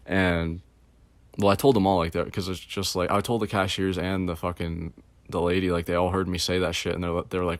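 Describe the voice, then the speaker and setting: Low-voiced man telling a rambling story. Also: steady tone, a little fast, no room sound. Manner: rambling and profane, heavy fillers. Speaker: channel host. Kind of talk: casual storytelling.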